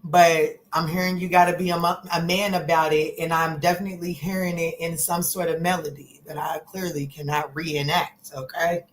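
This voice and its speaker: A woman's voice: lowish voice, level tone, normal speed, hardly any pauses, a little hiss or hum, low-quality recording. A woman giving a casual tarot reading to camera, chatty and folksy, calling listeners baby and honey and cursing freely. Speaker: tarot reader.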